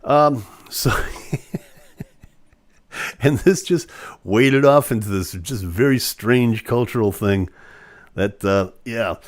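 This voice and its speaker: A man's voice: medium pitch, slow pace, pauses often. A man hosting a live online show, chatting casually with viewers and going off on joking, rambling rants.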